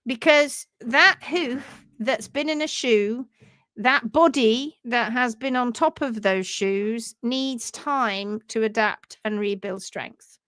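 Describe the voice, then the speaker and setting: A woman's voice: a little high, slow, a bit bright, dry recording, clean studio sound. Chatty woman on a livestream. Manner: chatty, reads out viewer greetings. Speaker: livestream host and hoof care educator. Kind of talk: casual livestream talk.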